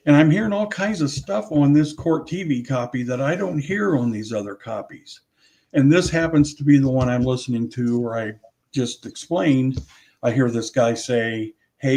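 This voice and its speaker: Male interview guest, unhurried delivery, mid pitch, rambling with frequent self-corrections. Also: darkish tone. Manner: rambling, restarts and corrects himself. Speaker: audio researcher, interview guest. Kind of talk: casual interview talk.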